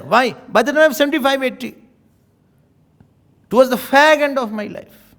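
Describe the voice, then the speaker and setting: A man giving a spiritual sermon, animated and acting out little scenes as he teaches. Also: extremely high pitch, moderate pace, gravelly. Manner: animated, acts out little scenes, chuckles often. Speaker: swami giving spiritual talks.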